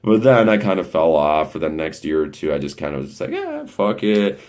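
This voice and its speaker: Young male vlogger with a very low voice, talking off the cuff: rambling, blunt and full of swearing. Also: fast, darkish tone. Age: young adult. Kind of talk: casual profane monologue.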